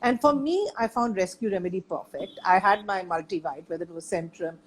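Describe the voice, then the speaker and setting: A woman's voice: fairly low pitch, fairly quick, poor audio. An older woman sharing her experience in a casual chat, talking emphatically and repeating points for stress.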